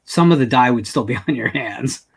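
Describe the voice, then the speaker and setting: A man's voice: mid-range voice, animated, normal speed, vocal fry, husky. A man hosting a podcast, chatting casually with wry humor and telling stories. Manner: talkative, wry, storytelling. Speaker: podcast host. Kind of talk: casual chat.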